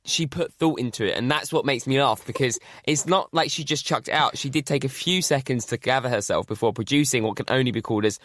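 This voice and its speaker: A man's voice: mid-range voice, fast, hardly any pauses, fairly bright tone, dry recording, clean studio sound. A man hosting a casual podcast chat, chatty and filling talk with "like". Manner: chatty, says "like" often. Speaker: podcast host.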